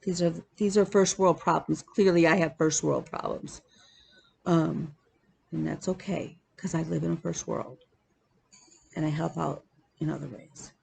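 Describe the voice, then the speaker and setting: Woman, cross-stitch vlogger, casual chat, animated storyteller, fry in the voice. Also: low voice, measured pace, long pauses, a little hiss or hum. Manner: chatty, animated storytelling with laughs.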